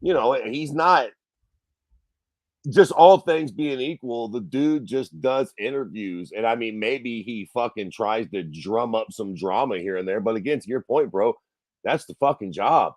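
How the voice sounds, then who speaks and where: A man's voice: mid-range voice, a little slow, no echo. A man co-hosting a podcast, ranting and swearing constantly in casual chat. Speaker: podcast co-host.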